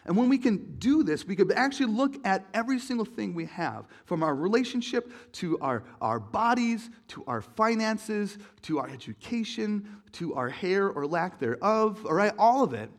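Brief: man in his thirties, pastor delivering a casual sermon, lively, with a slightly high voice. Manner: animated, acts out quoted voices, jokes with the congregation. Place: church.

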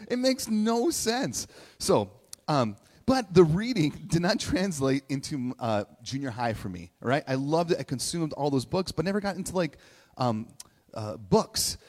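A man telling a personal story in a sermon, chatty and animated, acting out quotes in playful voices. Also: on the high side, measured pace. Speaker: speaker giving a message to a congregation. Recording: long hall reverb.

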